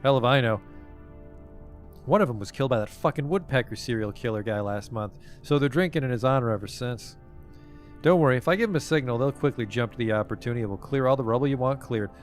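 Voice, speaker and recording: A man voicing a tough, blunt male labourer in a game, offhand and gruff. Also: mid-range voice, fast talker, soft background music, lightly acted.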